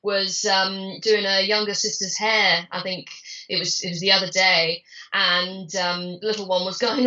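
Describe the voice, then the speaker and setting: A woman's voice: mid-range voice, normal speed. A middle-aged woman, an author guest animatedly telling stories about her children in a casual interview. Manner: animated storyteller, acts out family quotes. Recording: distant, muffled remote audio.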